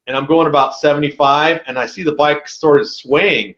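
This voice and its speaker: A man as a podcast guest telling a story in a casual, animated way, with a lot of slang. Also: on the high side, moderate pace, roomy sound, lo-fi sound.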